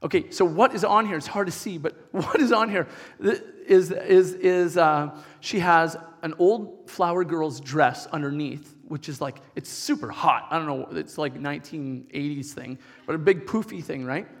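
A middle-aged man preaching a sermon as a pastor, telling stories in an animated, chatty way with many restarts. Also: on the high side, moderate pace. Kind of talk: storytelling sermon. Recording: long hall reverb.

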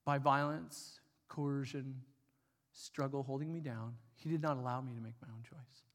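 A man's voice: mid-range voice, normal speed. Conversational male preacher in a reverberant hall. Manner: conversational, with fillers and animated retelling. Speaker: pastor. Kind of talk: sermon with personal story.

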